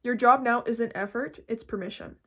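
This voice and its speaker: A woman vlogger chatting casually and reading notes aloud, excitable and profane, laughing easily. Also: on the high side, moderate pace. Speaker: vlogger explaining reality shifting.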